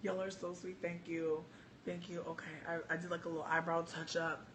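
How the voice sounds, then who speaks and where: A livestream host ranting to viewers in a brash, loud, profane and sassy way, speaking from a bar. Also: mid-range voice, little pitch movement, fairly quick, a little hiss or hum. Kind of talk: brash casual rant to viewers.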